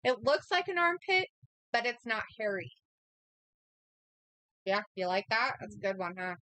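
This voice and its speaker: A woman's voice: on the high side, sing-song, a little slow, bright, forceful tone, no room sound. A woman co-hosting a live wrestling stream, joking bluntly and reading viewer chat aloud in a casual way. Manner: joking, blunt, swears freely. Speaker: co-host of a live wrestling watch-along stream.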